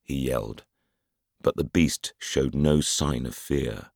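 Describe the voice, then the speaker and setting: Super deep gravelly guy reading a thriller, slow and dramatic, husky tone. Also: fairly even intonation, darkish tone, no room sound, clean studio sound. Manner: measured, dramatic. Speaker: audiobook narrator. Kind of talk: scripted narration.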